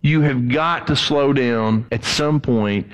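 A middle-aged man preaching a sermon as pastor, animated and acting out the voices he quotes. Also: mid-range voice, takes it slowly, in a large hall, low-quality recording.

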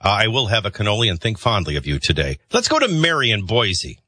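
Chatty bright-voiced male talk radio host. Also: on the low side, huge pitch swings, quick pace, husky, no echo. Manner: chatty, jokey asides.

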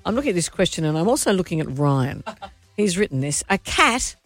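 Lively, teasing woman co-host. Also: on the low side, a little fast, no echo, soft background music. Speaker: radio co-host. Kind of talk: afternoon radio banter.

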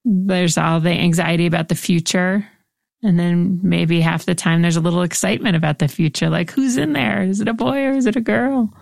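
A woman hosts an interview with a low, gravelly voice, close and dry on the mic. She speaks in a reflective, empathetic way. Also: steady tone, fairly quick, darkish tone, no echo. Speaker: host. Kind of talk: interview conversation.

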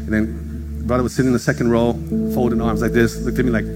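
A man's voice: mid-range voice, little pitch movement, quick pace. A man preaching a sermon as pastor, telling stories in a casual, joking way and acting out the voices of others. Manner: casual storytelling, acts out voices, jokes with congregation. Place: church in front of a congregation. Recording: music playing under the speech. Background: music.

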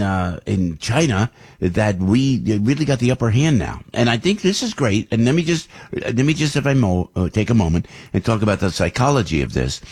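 A man with a New Jersey accent hosting a morning radio talk show, animated and rambling with lots of fillers. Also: on the low side, husky.

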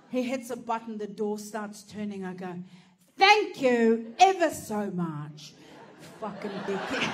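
A woman telling a stand-up comedy story, swearing freely and breaking into loud, animated bursts. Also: mid-range voice, noisy background. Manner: animated, profane, bursts into shouting.

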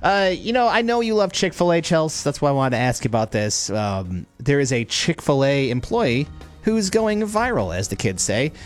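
Lively playful woman radio host. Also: sits low, normal speed, faint music behind. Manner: playful, laughs easily, teasing. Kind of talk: casual morning radio banter.

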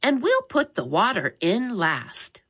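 A woman's voice: a little high, huge pitch swings, slow, fairly bright tone, slightly rough, pitched above the performer's own voice, heavily acted. A woman reading aloud, voicing a responsible boy who gives directions politely. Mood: bossy. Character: boy, responsible and a bit bossy.

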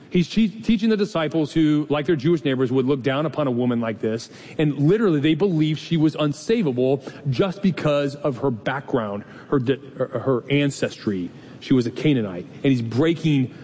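Conversational preacher in a reverberant hall. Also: male voice, a little mellow. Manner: conversational preaching with rhetorical questions and light laughs. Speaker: pastor. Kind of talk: sermon. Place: church sanctuary. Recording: long reverb hall, faint rumble.

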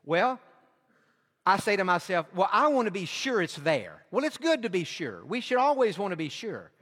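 A man preaching a sermon with a high voice. He is emphatic and slows right down whenever he quotes a verse. His voice rings out in a long, reverberant hall. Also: sing-song, a bit bright. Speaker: pastor.

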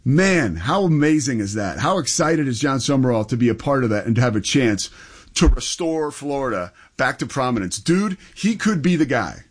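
A man's voice: medium pitch, big pitch swings, moderate pace, slightly rough. Enthusiastic male sports show co-host. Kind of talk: casual sports talk.

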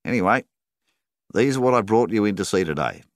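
A man's voice: fairly low pitch, animated, brisk, no echo, studio quality, pitched above the performer's own voice. A man voicing a polite, evasive male bank manager who talks apologetically and persuasively.

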